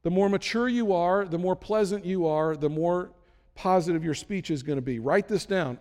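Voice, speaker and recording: A man preaching a conversational sermon as a pastor, emphatic, with sudden loud bursts. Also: sits high, moderate pace, long reverb tail.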